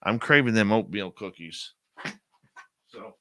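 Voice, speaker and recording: Bright-voiced sarcastic man hosting. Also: fairly low pitch, measured pace. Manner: sarcastic, chatty, eating while talking. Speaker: radio show host. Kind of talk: casual chat with live chat readers.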